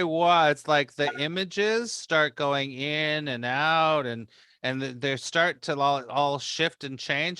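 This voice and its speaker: A man leading a spiritual meeting, telling a personal story in a rambling, animated way, acting out his own reactions. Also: medium pitch, smooth, dry recording, studio quality. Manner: rambling with frequent restarts. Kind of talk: casual storytelling to a group.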